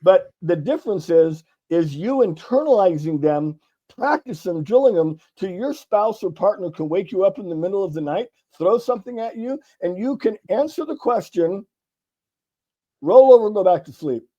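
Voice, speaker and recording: A middle-aged man from California chats as an interview guest, animated and a little profane as he acts out the people in his anecdotes. His voice sits a touch high yet sounds mellow and relaxed. The recording is somewhat dull and lo-fi. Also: moderate pace. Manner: animated storyteller acting out dialogue, casual swearing. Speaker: guest sales author. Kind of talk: conversational interview storytelling.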